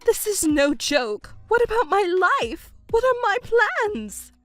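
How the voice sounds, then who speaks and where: A woman's voice: big pitch swings, slow pace, faint music behind, full character voice. A woman voicing a selfish, whiny middle-aged stepmother who pleads and complains in a texting story. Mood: desperate. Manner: shrill, pleading and self-pitying.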